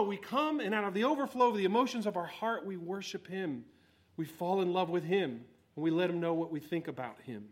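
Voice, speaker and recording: A man preaching a sermon, swinging between loud exhortation and quiet asides. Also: sits high, fairly quick. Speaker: pastor.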